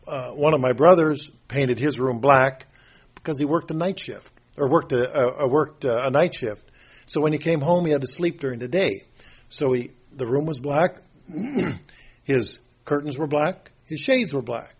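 An older man preaching a rambling, homespun sermon, often pausing to clear his throat. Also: on the high side. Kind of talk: folksy sermon.

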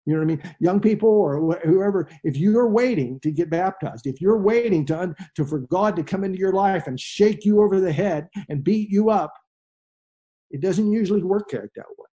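Middle-aged guy preaching, earnest, goes quiet then builds up, kinda high warm voice. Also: normal speed, muffled recording. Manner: earnest, shifts between hushed and emphatic. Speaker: pastor. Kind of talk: sermon.

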